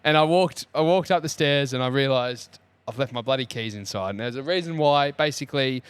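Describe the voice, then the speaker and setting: A man's voice: medium pitch, fairly quick, clear, resonant tone. A young Australian man casually telling a story on a podcast, acting out the conversations as he goes. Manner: animated storyteller, acts out dialogue. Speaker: co-host. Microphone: studio mic.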